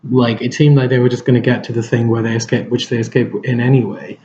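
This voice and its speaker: A man's voice: mid-range voice, flat delivery, fast talker, mellow, highs cut off, a little hiss or hum. A man giving a casual film review, rambling and hesitant, with lots of fillers and restarts.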